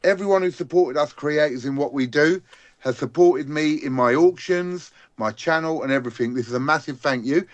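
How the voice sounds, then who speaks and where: A man's voice: on the high side, normal speed, dry recording, lo-fi sound. A man chatting casually as a guest on a live stream, earnest and laid-back.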